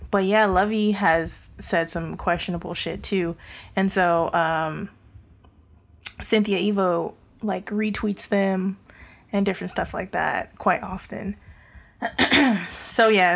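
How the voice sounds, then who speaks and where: A woman's voice: lowish voice, vocal fry, a bit bright. Young woman co-host, casual and candid, lots of fillers and restarts. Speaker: podcast co-host. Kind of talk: casual chat. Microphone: handheld mic.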